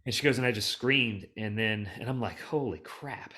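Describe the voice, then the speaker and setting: A man's voice: medium pitch, moderate pace. A middle-aged man, a hoarding cleanup expert, telling long rambling stories on a casual podcast. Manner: rambling, animated storyteller who restarts and jumps around. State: emotional, close to tears.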